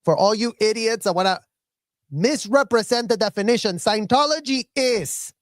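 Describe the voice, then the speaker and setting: Here a high-pitched man talks at a moderate pace, recorded cleanly in a studio with no room sound. As a former child member of the group turned commentator, he delivers a heated, swearing rant about how he was raised, circling back in repeated bursts.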